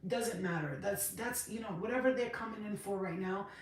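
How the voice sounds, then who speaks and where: A woman's voice: mid-range voice, moderate pace. A woman giving a casual spiritual reading, emotional and emphatic, swearing freely as she talks. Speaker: tarot card reader. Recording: very echoey room, mic far off, noisy.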